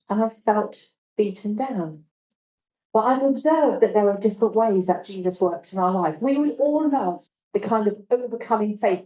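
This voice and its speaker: A woman preaching a sermon, earnest and reflective, who drops low and soft when she quotes the words of Jesus. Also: echoey room, poor audio. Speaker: guest preacher. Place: church.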